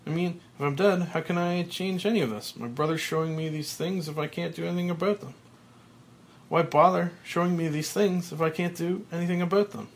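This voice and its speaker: Casting: man voicing a frantic TV boss, shouts high and loud. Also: expressive, normal speed, close to an everyday voice. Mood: disbelieving. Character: panicked middle-aged male TV executive.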